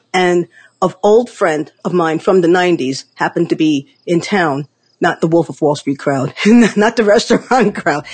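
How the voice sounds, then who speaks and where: A woman in her late fifties spins a personal tale in a loose, conversational way, scattering "like" and "you know" as she goes. Her delivery stays animated and lively, and faint music hums behind her. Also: lowish voice. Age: 50s. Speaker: storyteller. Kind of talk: personal story told on stage.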